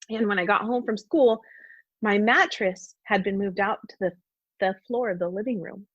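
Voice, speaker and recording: Woman guest, husky, heartfelt testimony, dull dry podcast sound. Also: mid-range voice, normal speed, no echo. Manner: earnest, heartfelt storytelling. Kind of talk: personal testimony in conversation.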